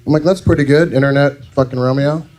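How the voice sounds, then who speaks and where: A man's voice: medium pitch, steady tone, fast talker, darkish tone. A man doing a stand-up set in a comedy club, telling a crude story in an incredulous tone.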